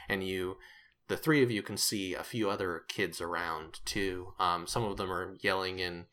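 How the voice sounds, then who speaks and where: Game master, male, low voice with a bright edge, rambling and self-correcting narration.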